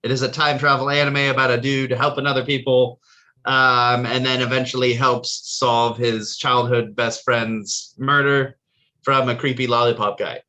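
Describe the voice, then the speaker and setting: A man's voice: medium pitch, little pitch movement, moderate pace, bright, forceful tone, highs cut off. A young man co-hosting a casual podcast chat, rambling and laughing often as he explains. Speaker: podcast co-host.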